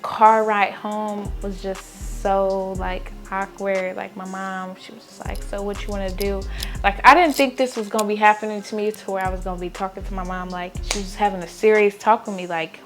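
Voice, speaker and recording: A woman's voice: medium pitch, normal speed, faint music behind. Chatty young woman telling a story. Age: young adult. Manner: chatty, animated, many "like" fillers, acts out quotes. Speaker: vlogger. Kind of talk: storytime vlog, casual chat.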